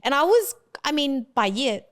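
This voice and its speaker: A woman's voice: high-pitched, sing-song, moderate pace. A woman in her twenties from Hong Kong, a podcast guest telling her story in a casual, hesitant way with lots of fillers and restarts.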